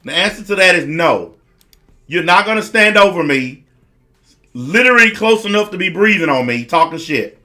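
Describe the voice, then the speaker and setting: Forceful high-voiced man ranting angrily. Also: animated, moderate pace. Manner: aggressive, confrontational, blunt; repeats lines for emphasis. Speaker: online commentator. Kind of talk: profane rant to camera.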